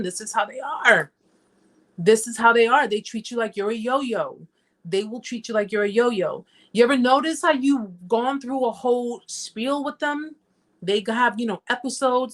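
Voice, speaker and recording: Emphatic woman hosting a live chat. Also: a little high. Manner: emphatic, repeats phrases, talks straight to viewers; reads viewer comments aloud. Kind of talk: casual live-stream chat.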